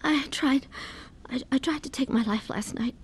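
A woman's voice: mid-range voice, normal speed, natural voice. An actress playing a middle-aged wife who narrates her own story in a radio drama, earnest and heavy with pain. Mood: anguished. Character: weary wife recalling her troubled past. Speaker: narrator and lead character.

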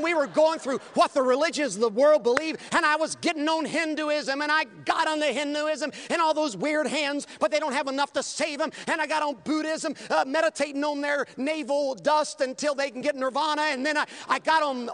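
A man preaching a sermon, telling a story with lively swings from hushed to shouting. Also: very high-pitched.

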